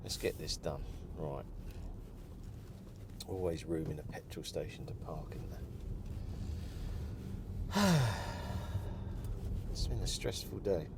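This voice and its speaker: A man's voice: very deep voice, expressive, slow, pauses often, noisy background. A man venting his frustration while driving, talking and muttering to himself in a car vlog. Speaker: car vlogger.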